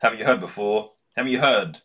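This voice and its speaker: A man's voice: fairly low pitch, quick pace, a bit bright, slightly rough. A man doing Juggernaut, a taunting brute. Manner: taunting, blunt. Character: huge unstoppable brute man, boastful.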